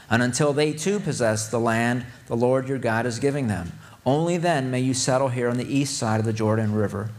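Male Bible teacher with a mid-range voice, conversational sermon, reads verses and then unpacks them. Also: medium pitch. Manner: reads scripture then explains with rhetorical questions.

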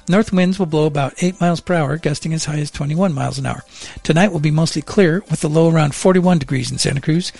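A man reads the local traffic and weather on morning radio. His voice sits a little high and has a husky, gravelly grain. Delivery is steady and measured, close to a dry studio microphone. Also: no echo. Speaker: traffic reporter.

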